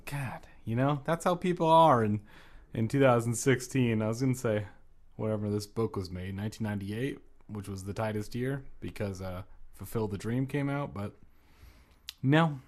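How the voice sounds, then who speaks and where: A man's voice: on the low side, moderate pace, darkish tone. A man casually reading a children's horror book aloud, breaking off for rambling, profane, self-deprecating asides.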